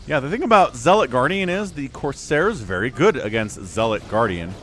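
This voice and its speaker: A man's voice: medium pitch, very animated, normal speed, fairly bright tone, a little hiss or hum. An American man giving casual, joking livestream commentary on a strategy game and chatting with viewers. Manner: chatty, joking, reads chat aloud.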